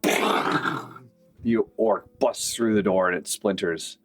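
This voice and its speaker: Low-voiced man running a tabletop game. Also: slow pace, background noise. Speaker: game master.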